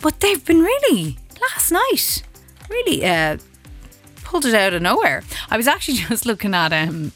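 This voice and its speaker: Irish woman host, bouncy animated delivery, chatty and laughing, faint music underneath. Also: fairly high pitch, moderate pace. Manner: chatty, laughs often, lively. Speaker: radio host. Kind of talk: casual on-air chat and traffic report.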